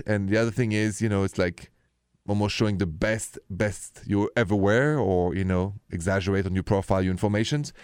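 A man's voice: lowish voice, darkish tone, smooth, no room sound, studio quality. A man, hosting a late-night radio call-in show and confiding about his own dating life. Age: 50s. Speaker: radio host.

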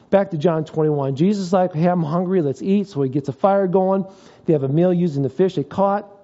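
A man's voice: a little high, mellow, dull audio. A man preaching a sermon as pastor, talking conversationally and mixing scripture with personal stories.

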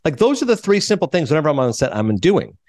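A man co-hosting a talk show, retelling interviews in a quick, animated casual chat and acting out quotes in higher voices. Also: no echo, clean studio sound. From New Jersey. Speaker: radio show co-host.

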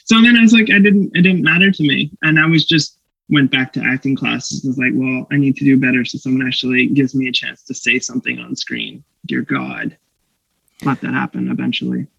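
A man's voice: mid-range voice, steady tone, a little fast, creaky, pushed and bright, husky, no echo, muffled recording. A young man from Canada, an actor guest, telling anecdotes animatedly with laughs and put-on voices. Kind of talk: casual storytelling interview.

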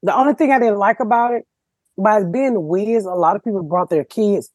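Casting: loud-mouthed woman host, husky, dry studio sound, brash profane storytelling. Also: mid-range voice, fairly quick, no room sound. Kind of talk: casual podcast chat.

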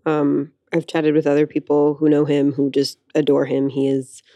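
Gravelly, mellow-voiced female co-host. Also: low voice, completely flat delivery, normal speed, no room sound. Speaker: podcast co-host. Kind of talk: casual chat.

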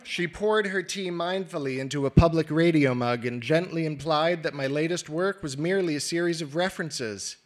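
A man reading his own prose aloud at a live literary reading, measured and wry. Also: on the high side.

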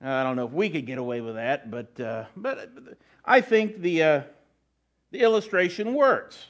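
Male pastor, middle-aged, sermon, conversational, slightly high voice. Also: normal speed. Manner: conversational preaching with frequent restarts and asides.

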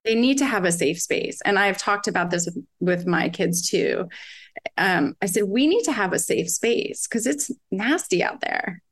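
Candid, animated mother talking about parenting. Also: medium pitch, normal speed. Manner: candid, animated, laughs often, quotes herself and her kids. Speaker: guest, parent of several children. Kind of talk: conversational podcast interview.

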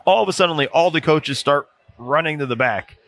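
A man guest on a casual sports podcast, telling animated anecdotes and often restarting his sentences. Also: on the high side, fairly quick. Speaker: podcast guest, former NBA video coordinator. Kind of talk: casual storytelling chat.

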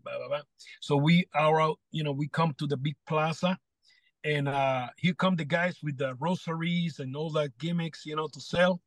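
A man's voice: on the high side, moderate pace, no echo. A man from Puerto Rico with a Puerto Rican Spanish accent, a guest telling stories animatedly and acting out the quoted lines, his English loose in grammar. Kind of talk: podcast storytelling.

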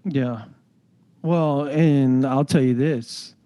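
Chatty man with a mellow voice. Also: mid-range voice, extremely slow, no echo. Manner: rambling, filler-heavy, animated. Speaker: recruiting analyst co-host. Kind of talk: casual sports podcast chat.

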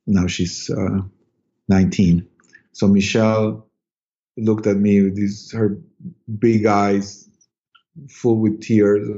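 A middle-aged man, a podcast guest, telling a personal story in casual talk, halting and repeating words with many ums. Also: lowish voice, warm tone, muffled recording.

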